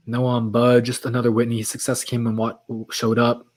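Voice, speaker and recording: Late-night American livestream host, chatty. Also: male voice, medium pitch, monotone, normal speed. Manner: chatty, reading chat aloud, restless. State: losing his voice, late at night. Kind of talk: casual livestream chat.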